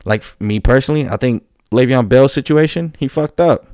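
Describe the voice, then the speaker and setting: A man talking in a casual monologue as a football fan commentator, animated and profane, rambling with frequent restarts. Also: medium pitch, a little fast, no room sound, studio quality.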